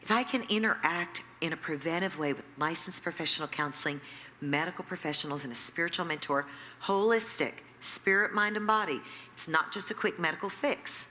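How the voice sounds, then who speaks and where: A woman who runs a nonprofit, telling her story in an interview with lively acted-out quotes and emphatic repetition. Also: lowish voice, a little fast. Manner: animated, acts out quoted dialogue, emphatic repetition. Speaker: nonprofit CEO, interview guest. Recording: echoey hall with faint background noise.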